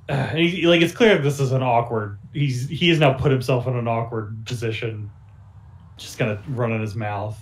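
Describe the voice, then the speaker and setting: A man's voice: medium pitch, normal speed. Casual man narrating a tabletop game. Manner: casual, filler-heavy storytelling. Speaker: game master.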